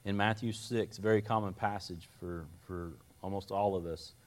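A man's voice: deep voice, steady tone, moderate pace. A man preaching a sermon, telling folksy personal stories with an earnest manner and frequent restarts. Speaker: lay preacher.

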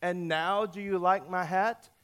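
A man's voice: high-pitched, fairly even intonation, a little slow, a bit bright, smooth. An eager little female storybook dog, always asking about her hat, as a man puts her on. The voice is slightly raised and hopeful. It stays close to an everyday speaking voice. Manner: eager, questioning.

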